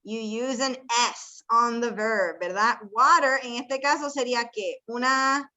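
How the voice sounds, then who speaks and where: An ESL teacher leads a bilingual lesson, moving between English and Spanish as she patiently explains things step by step and quizzes her students. Her voice is slightly high with a steady, sharp tone, and she keeps a moderate pace.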